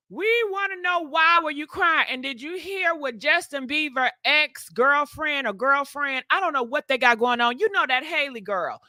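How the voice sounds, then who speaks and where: A woman's voice: high voice, pushed and bright, no echo. A woman hosting a gossip live stream, talking in a sassy, chatty way straight to her viewers and laughing often. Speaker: gossip show host.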